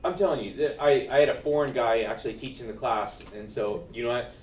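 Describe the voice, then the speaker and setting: A man's voice: mid-range voice, a little fast, a little mellow, far from the mic, a little hiss or hum. A male math teacher giving a classroom lecture, checking in with his students and joking between steps. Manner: keeps checking in with "right?", joking asides.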